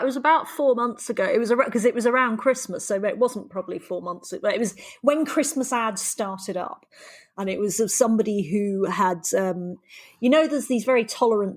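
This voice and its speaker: A woman's voice: medium pitch, fairly quick. A woman hosting a podcast, chatting casually, laughing often and wandering off on tangents. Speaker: podcast host.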